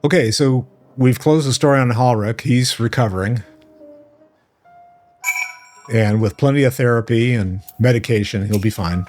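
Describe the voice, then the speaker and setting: A man's voice: mid-range voice, a little fast, a little mellow, faint music behind. A man streaming a game, joking playfully and reading the dialogue aloud. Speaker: gaming streamer. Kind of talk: casual gameplay commentary.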